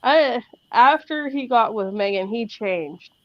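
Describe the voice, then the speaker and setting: A woman's voice: on the high side, animated, takes it slowly, no echo, highs cut off. A woman in casual chat, gossipy, telling anecdotes with giggles.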